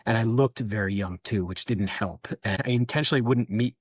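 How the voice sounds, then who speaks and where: A middle-aged man with a fairly low voice speaks candidly, telling stories from his career with a self-deprecating edge. The sound is dry and close, with no room around it. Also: fairly quick, dry recording. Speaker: photographer, podcast guest. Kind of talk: reflective interview talk.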